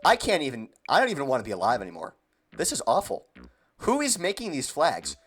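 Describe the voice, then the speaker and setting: A man's voice: medium pitch, wildly swooping pitch, fairly quick, a bit bright, slightly rough, soft background music. A young man delivering a mock-outraged comedic rant, exasperated and repeating himself for effect. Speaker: comedy video host.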